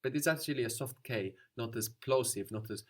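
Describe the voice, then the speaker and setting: A man's voice: medium pitch, fairly quick. A man teaching a language lesson, patiently explaining and prompting his student.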